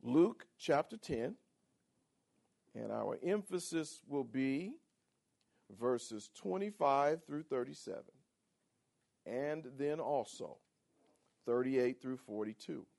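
A man preaching a sermon as pastor, animated and calling on the congregation for responses. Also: mid-range voice, slow, creaky, long pauses. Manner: animated, calls for audience responses.

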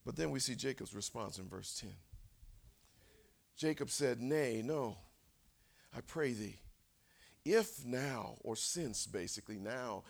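A man preaching a sermon, conversational, repeating words for emphasis, dropping to whispers and rising to shouts. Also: medium pitch, animated, slow pace, vocal fry, pauses often.

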